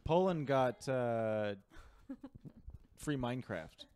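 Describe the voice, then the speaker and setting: A man's voice: mid-range voice, expressive, takes it slowly, a little mellow, clear, resonant tone. A man chatting casually on a livestream, telling rambling stories and teasing friends.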